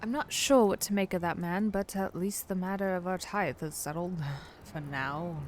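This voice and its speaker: A woman's voice: lowish voice, moderate pace, slight background noise. A woman streaming a game in casual chat, blunt and jokey, swearing freely.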